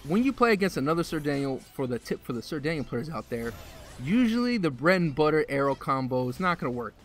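A man hosts a gaming video, giving casual, excitable commentary as he plays in a fast voice on the high side. He's a little out of breath and breaks into sudden loud outbursts.

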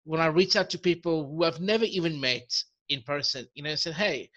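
A man's voice: a little high, brisk, fairly bright tone, muffled recording. A man hosting a conversational interview, speaking in an earnest, reflective way. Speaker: host.

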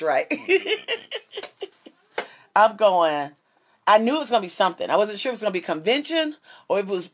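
A woman's voice: mid-range voice, a little hiss or hum. Woman, middle-aged, bubbly, chatty, live-stream jewelry seller. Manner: bubbly and chatty, greets viewers by name. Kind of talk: casual live-stream selling.

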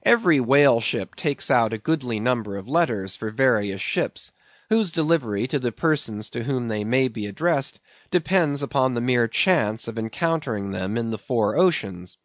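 A man narrating an audiobook in a measured, steady reading voice. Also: mid-range voice, no room sound. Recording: dull, dry recording.

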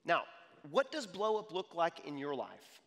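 Male pastor in his 30s, slightly high voice, lively talk-style sermon, hall reverb. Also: unhurried. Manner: animated, repeats "okay?" to the crowd. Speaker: young adults pastor. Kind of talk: conversational sermon.

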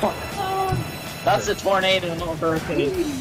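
A gamer with a lively, swinging voice calls out reactions to the match over a voice call. Loud game music sits right under the voice. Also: medium pitch, moderate pace, rough recording. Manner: reactive, exclaiming. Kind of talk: casual gaming chat.

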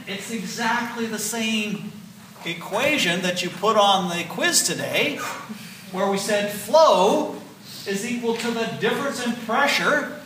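In a roomy lecture hall, a man in his sixties teaches physiology in a high, sharp-toned voice, explaining step by step. He repeats key points and checks in with "okay?" and "right?"; the distant mic picks up faint noise.

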